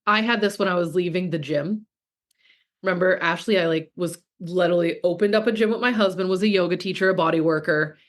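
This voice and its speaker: A woman's voice: on the low side, a little fast. Frank, swearing woman coach. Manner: frank, casual, profane, reads out chat comments. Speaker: business coach. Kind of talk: coaching call.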